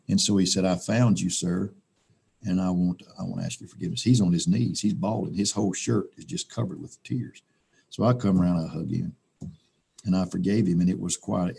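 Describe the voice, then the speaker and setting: A man's voice: low-pitched, dark tone. An older man, a pastor telling a personal story in a folksy way with many restarts, speaking on a video call. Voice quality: gravelly.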